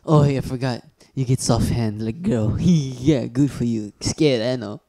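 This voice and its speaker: Comedy skit: man doing a dark-toned, swaggering kung fu champ, foul-mouthed, taunting in broken English. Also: mid-range voice, a little slow, vocal fry. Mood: boastful taunting. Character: boastful foul-mouthed martial-arts champ, adult man, picks fights.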